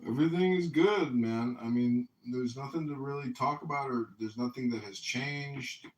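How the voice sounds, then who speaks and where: A man running for mayor chats casually, telling stories excitably, with profanity and frequent laughter. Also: medium pitch, moderate pace. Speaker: mayoral candidate. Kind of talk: casual storytelling chat. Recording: echoey room, distant mic.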